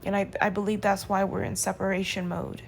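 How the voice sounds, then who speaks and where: A woman's voice: mid-range voice, level tone, brisk, gravelly, a little hiss or hum. Impassioned woman venting about a relationship. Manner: impassioned, swings from quiet to loud pleading. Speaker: vlogger reacting to a reading. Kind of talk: emotional personal monologue.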